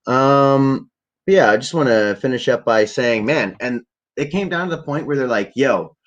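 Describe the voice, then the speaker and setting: A man's voice: mid-range voice, normal speed, dull audio. A man telling a rambling, profane story in a laid-back, casual way to a livestream audience. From Canada. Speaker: vlogger.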